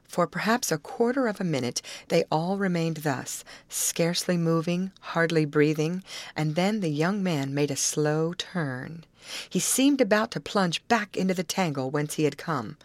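A woman reading a classic novel aloud in a measured narrating style, lifting her voice for the characters' lines. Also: deep voice, expressive, dry recording. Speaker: audiobook reader. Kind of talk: scripted narration.

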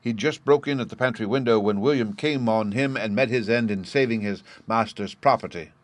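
A man voicing a flustered manservant who blurts out news in a hurried, deferential way, in an audiobook reading. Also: fairly low pitch, no echo, close to an everyday voice. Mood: agitated. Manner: gasping, hurried, respectful.

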